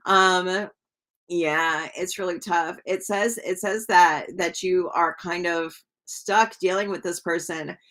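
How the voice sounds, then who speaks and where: A woman's voice: fairly low pitch, fairly bright tone. Chatty woman giving a tarot reading. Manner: chatty, rambling, lots of fillers and laughs; greets viewers by name while reading. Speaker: tarot reader. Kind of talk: live-stream tarot reading, casual chat.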